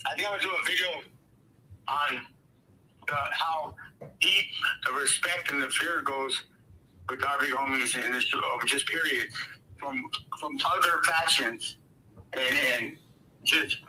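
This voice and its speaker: A man's voice: mid-range voice, unhurried, long pauses, sharp tone, a little hiss or hum, poor audio. A man telling a long, rambling personal story in casual talk, swearing freely and restarting his sentences. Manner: rambling, swears freely, laughs through tense moments. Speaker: guest storyteller.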